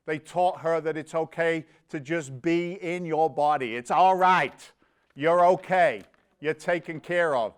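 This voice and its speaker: An energetic Londoner emcees a live-streamed virtual charity gala, rambling and cracking jokes as he encourages people to give. He speaks at an unhurried pace, his smooth, clear voice pitched fairly high for a man.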